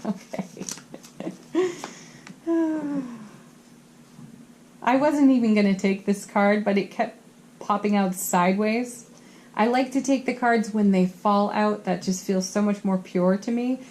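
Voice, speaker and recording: Slow, soft-spoken giggly tarot reader woman. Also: mid-range voice. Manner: soft, earnest and giggly, often laughing at herself. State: tired. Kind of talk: spiritual card reading to camera.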